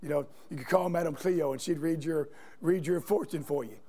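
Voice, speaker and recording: In a church sanctuary, a man delivers a sermon, telling stories and putting questions to the congregation. His voice is on the high side with a dark tone, and he speaks briskly.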